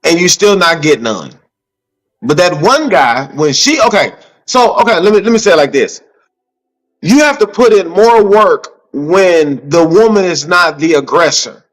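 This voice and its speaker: A man, co-hosting a casual chat and making his point in an animated, persuasive way. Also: sits high, measured pace, rough recording. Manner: animated, persuasive, repeats "you see what I'm saying". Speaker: podcast co-host.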